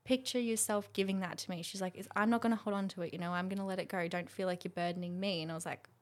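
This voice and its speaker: A fast-talking woman in her twenties, with a lowish voice, chats casually as a podcast guest. She tells a story animatedly, acting out the quotes and laughing often.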